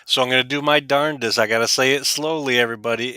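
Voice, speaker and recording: A man's voice: mid-range voice, steady tone, fast, hardly any pauses, pushed and bright, clean tone, dry recording. A man co-hosting a casual fan podcast, talking with upbeat enthusiasm and frequent restarts. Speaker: podcast co-host. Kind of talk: casual panel chat.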